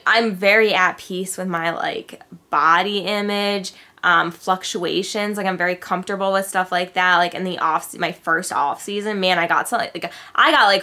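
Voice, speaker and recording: Bright-voiced young woman vlogger. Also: medium pitch, fairly even intonation, unhurried, hardly any pauses. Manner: chatty, heavy on filler words. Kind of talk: casual vlog chat.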